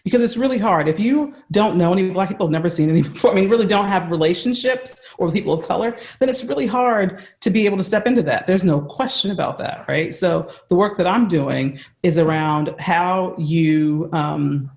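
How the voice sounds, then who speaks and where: A woman's voice: fairly low pitch, brisk, hardly any pauses, a little mellow, roomy sound. An American woman, a leadership coach, giving earnest, emphatic answers with examples on a video call. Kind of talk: conversational interview answer.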